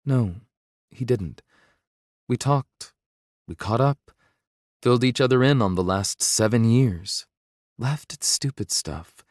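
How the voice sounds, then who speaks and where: A man voicing a gentle young woman in an audiobook, speaking softly and earnestly. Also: medium pitch, lively intonation, takes it slowly, long pauses, no room sound, clean studio sound. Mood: tender, pleading.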